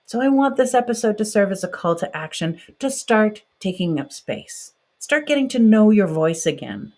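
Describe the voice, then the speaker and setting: A woman's voice: medium pitch, darkish tone. A woman in her forties hosting a podcast, talking directly and encouragingly in a motivational monologue. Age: 40s. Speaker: podcast host.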